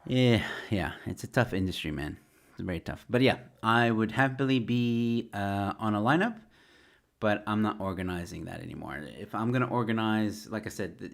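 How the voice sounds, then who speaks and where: A man, a stand-up comedian, chatting casually on a home livestream, rambling with lots of fillers and restarts. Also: on the low side. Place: his home. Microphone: webcam or desk mic at home.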